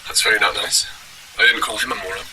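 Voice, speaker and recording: A man delivering a deadpan satirical monologue at home, rambling and halting with many fillers. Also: lowish voice, far from the mic, slight background noise, poor audio. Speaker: comedic vlogger in character.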